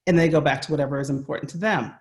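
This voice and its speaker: A man's voice: on the high side, rapid-fire. American man speaking earnestly on a call. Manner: earnest, conversational, often adds "right?". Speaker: guest speaker on workplace bias. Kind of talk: remote interview. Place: home. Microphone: video call.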